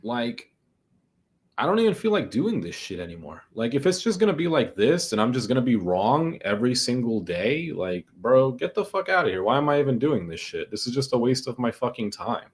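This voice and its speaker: A man's voice: mid-range voice, very animated, moderate pace, breathy edge. A young man live-streaming his day trading, exasperated and swearing as he mutters to himself about his losses. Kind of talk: frustrated live commentary.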